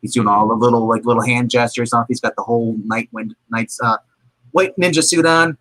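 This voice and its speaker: A man co-hosting a movie review show in casual chat, acting out characters in quick voices and laughing often. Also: medium pitch, a bit bright, low-quality recording.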